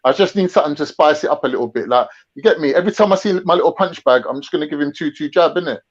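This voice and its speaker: A man's voice: on the high side, rapid-fire. A young man, brash, taunting and swearing in casual online banter as a stream guest. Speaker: guest on a livestream. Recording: dull lo-fi stream audio.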